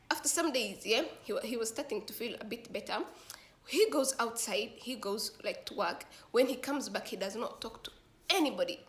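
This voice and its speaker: A woman telling a story in a casual, slangy way, acting out the dialogue as she goes. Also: on the high side. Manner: slangy, animated retelling with quoted dialogue.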